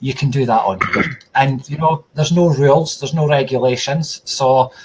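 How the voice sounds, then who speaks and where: A man's voice: mid-range voice, normal speed, background noise. A man hosting a casual live stream as a psychic medium, chatty and joking, addressing viewers as folks from a tablet at home. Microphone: tablet device.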